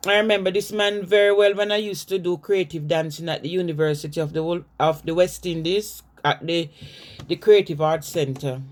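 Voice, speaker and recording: A woman's voice: on the low side, steady tone, moderate pace. A woman with a Jamaican accent gives an informal talk on culture, telling stories with restarts and now and then slipping into patois. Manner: warm storytelling with restarts and slips into patois. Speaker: cultural educator.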